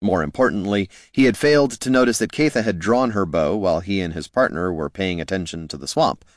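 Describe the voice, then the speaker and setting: A man reading a fantasy story aloud in a measured, wry narration. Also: deep voice, no room sound, studio quality. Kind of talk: scripted audiobook narration.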